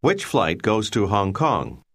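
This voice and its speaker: A man narrating a language lesson in a slow, clear instructional way. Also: lowish voice, huge pitch swings, a bit bright.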